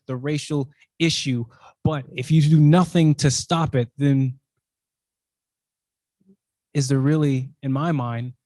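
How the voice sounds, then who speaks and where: A man's voice: a little high, darkish tone, no room sound. A man giving a talk, telling a personal story in a loose conversational way with frequent restarts and fillers. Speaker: invited speaker.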